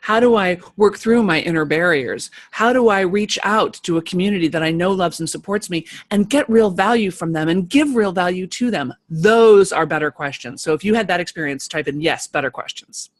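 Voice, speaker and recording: A woman giving a live motivational talk to an online group of creative people, emphatic and animated, repeating key phrases. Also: fairly low pitch, a little fast, few pauses.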